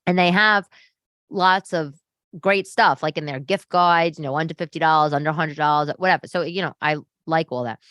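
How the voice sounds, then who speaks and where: New woman host in her thirties, lowish voice, animated sarcastic rants, dry close sound. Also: a little fast, no echo. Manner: animated, ranting, sarcastic asides. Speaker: podcast host. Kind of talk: casual solo podcast chat. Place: home living room.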